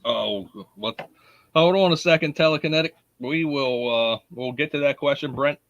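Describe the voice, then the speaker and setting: A man's voice: mid-range voice, normal speed, fairly bright tone, no echo, lo-fi sound. A man with a Baltimore accent hosting a live podcast in a casual, chatty way, greeting listeners by name and laughing often. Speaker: podcast host.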